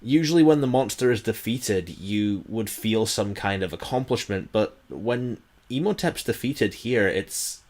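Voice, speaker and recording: A man's voice: fairly low pitch, expressive, a little slow, hardly any pauses, darkish tone. A man co-hosting a podcast, chatting casually about old films in a thoughtful, earnest and slightly hesitant way. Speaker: podcast co-host.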